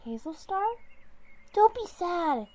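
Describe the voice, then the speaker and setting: A tiny ghostly kitten speaks in a squeaky, soothing little voice, as a woman puts it on. The voice rides well above a normal speaking pitch. It sounds like a storybook animal comforting someone sad. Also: expressive, slow pace, dark tone. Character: small gentle ghostly kitten. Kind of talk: storybook character voice.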